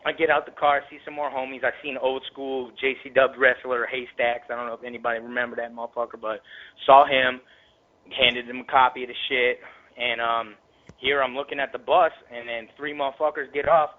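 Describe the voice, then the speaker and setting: A man's voice: mid-range voice, little pitch movement, brisk. A man from the Tampa Bay area, a rapper telling a story in an interview, in heavily profane streetwise slang that gets heated. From Tampa Bay area, Florida. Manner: grows heated and louder. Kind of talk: casual storytelling. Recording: tinny phone-line recording.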